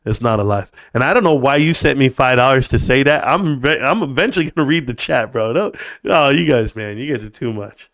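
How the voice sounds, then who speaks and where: Hosting a live stream, a man in his forties fires off sarcastic, profanity-filled rants in a relaxed, animated style. His mid-range voice moves fairly quickly, with hardly any pauses.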